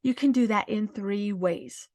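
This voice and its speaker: A woman hosting a self-help podcast, calmly guiding listeners through exercises in a slow, gentle, encouraging way. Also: medium pitch, no echo, clean studio sound. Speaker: podcast host.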